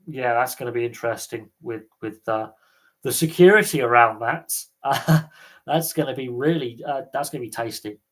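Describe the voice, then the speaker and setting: A man's voice: medium pitch, poor audio. A man hosting a casual live Q&A, rambling and thinking aloud with frequent fillers and restarts. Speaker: sports livestream host.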